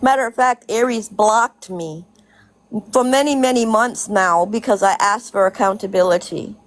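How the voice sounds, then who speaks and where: A woman of medium pitch talks at normal speed in a casual vlog rant. She's a social media commentator whose style is blunt and profane, with emphatic repetition and laughter between points.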